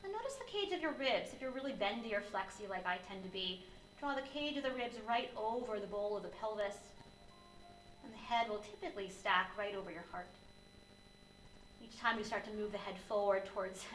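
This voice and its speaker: Woman, yoga teacher, gentle unhurried cues, echoey studio, faint room hum. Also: mid-range voice. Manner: gentle, unhurried cueing of breath and posture. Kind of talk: guided yoga class instruction.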